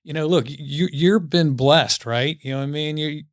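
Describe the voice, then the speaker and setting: A man's voice: on the high side, normal speed, no room sound. A man as a podcast guest, speaking in an encouraging, emphatic way in a studio. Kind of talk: casual chat.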